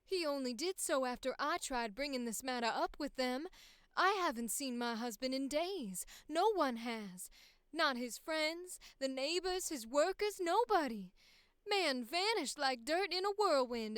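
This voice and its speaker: A woman voicing a wealthy, desperate alien slime woman, with an invented soft drawl that is almost Southern, for an audition. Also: high voice, lively intonation, measured pace, dry recording, clean studio sound. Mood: urgent. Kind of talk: voice acting audition.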